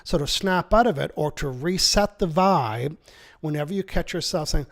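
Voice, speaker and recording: A man who is an author and seminar speaker, explaining his ideas in an interview with energetic, persuasive delivery and acted-out quotes. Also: a little high, normal speed. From Canada.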